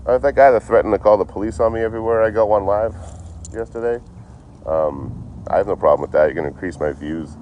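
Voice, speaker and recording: Through dull audio with slight background noise, a fast-talking Boston-area man with a fairly low pitch livestreams from outdoors behind a store. The traveling streamer chats casually, rambling and swearing in a relaxed way as vehicles pass faintly.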